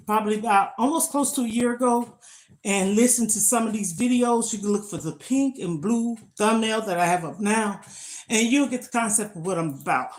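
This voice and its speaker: A woman's voice: on the high side, brisk. Older lady chatting on a live stream mid-workout, emphatic, all about motivating ppl. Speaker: lifestyle vlogger. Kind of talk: casual live-stream chat while exercising.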